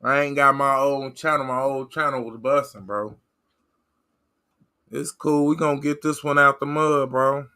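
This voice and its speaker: A man's voice: medium pitch, steady tone, unhurried, sharp tone, clear, resonant tone. A man hosting a livestream and talking to his chat in a rambling, repetitive, fired-up way. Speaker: livestream host reading chat. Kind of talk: casual livestream rant.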